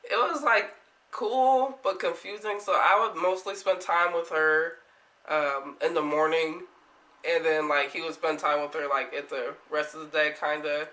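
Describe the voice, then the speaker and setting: A young woman vlogger telling a story in casual chat, animated, laughing often and swearing freely. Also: sits low, measured pace, reverberant, low-quality recording.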